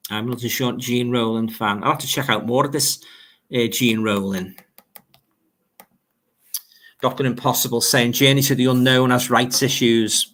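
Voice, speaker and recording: A man's voice: mid-range voice, fairly even intonation, normal speed, pauses often, fairly bright tone. A man with a Liverpool accent hosting a casual livestream, reading out viewer comments and chatting in a rambling way, often repeating words as he goes.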